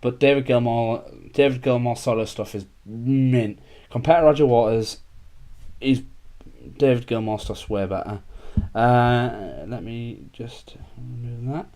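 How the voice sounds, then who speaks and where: A man's voice: mid-range voice, unhurried, mellow. A young man, chatting casually as a podcast host, rambling with lots of filler words. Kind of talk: casual chat.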